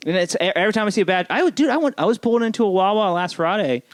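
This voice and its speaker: A man's voice: high-pitched, expressive, rapid-fire, no room sound. A man in casual podcast chat, joking, laughing often and restarting his words.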